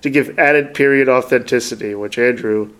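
A man's voice: medium pitch, moderate pace, fairly bright tone, smooth. A man co-hosting a podcast in casual chat, rambling through anecdotes and laughing often. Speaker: podcast co-host.

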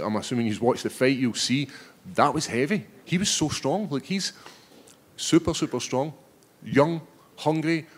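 A Scottish fighter in his thirties talks to reporters after a bout. He is cheeky and animated, and his words tumble out with restarts. His voice sits in a plain middle register. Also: medium pitch. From Scotland. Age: 30s. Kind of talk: post-fight press scrum.

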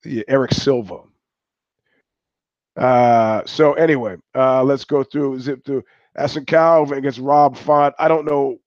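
A man's voice: medium pitch, fairly even intonation, measured pace, a little mellow, no room sound. An older man hosting a livestream, talking in a rambling, profane, digressive way. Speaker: host. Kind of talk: casual livestream monologue. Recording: dull, dry lo-fi stream audio.

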